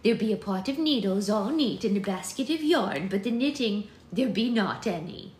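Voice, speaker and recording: A woman's voice: mid-range voice, animated, moderate pace, a little mellow, pitched above the performer's own voice, lightly acted. A woman voicing an earnest young witch who speaks in quaint, old-fashioned phrasing. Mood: worried. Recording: echoey room with faint noise.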